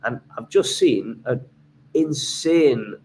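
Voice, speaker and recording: A man's voice: mid-range voice, animated, slow, darkish tone, slight background noise, poor audio. Enthusiastic young English man, chatty. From England. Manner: enthusiastic, many fillers and restarts, reads donations aloud. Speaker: travel vlogger hosting a livestream. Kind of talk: casual livestream chat.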